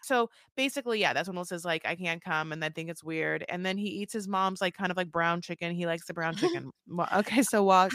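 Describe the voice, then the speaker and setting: A woman's voice: fairly low pitch, quick pace, hardly any pauses, fairly bright tone, no echo, studio quality. A woman co-hosting a reality TV recap podcast in casual chat, acting out quotes in funny voices. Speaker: podcast co-host.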